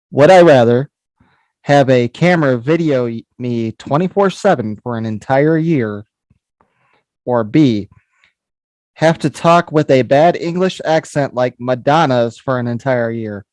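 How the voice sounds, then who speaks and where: A man's voice: mid-range voice, unhurried, long pauses, darkish tone, no echo. A man co-hosting a comedy podcast, reading out crude would-you-rather questions in blunt, casual banter.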